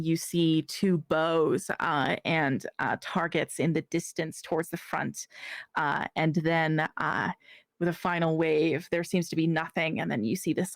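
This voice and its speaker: Woman, game master, tabletop narration, halting, dry close mic. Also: deep voice, gravelly, no echo.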